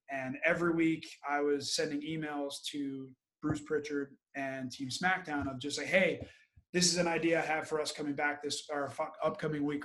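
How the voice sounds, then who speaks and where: A guest who served as a Marine tells his story in a relaxed interview, plain-spoken and direct, repeating what others said along the way. He speaks with a fairly high pitch that sounds pushed and bright.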